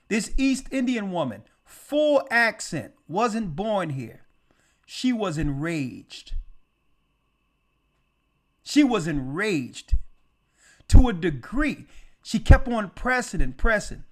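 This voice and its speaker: A man speaking as a church elder, telling a testimony in an animated conversational way and repeating words for emphasis. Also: high-pitched, takes it slowly, pauses often.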